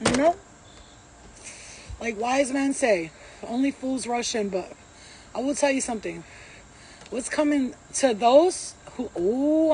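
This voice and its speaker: A woman's voice: a little high, darkish tone, slight background noise. Blunt, swearing woman livestreaming. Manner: profane, blunt, streetwise slang. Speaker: spiritual reader doing a livestream. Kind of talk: casual livestream chat.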